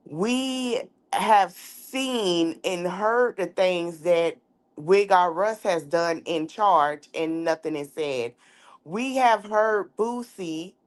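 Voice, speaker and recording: Outspoken thirties woman, podcast host, animated storyteller. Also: fairly low pitch. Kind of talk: candid casual commentary and storytelling.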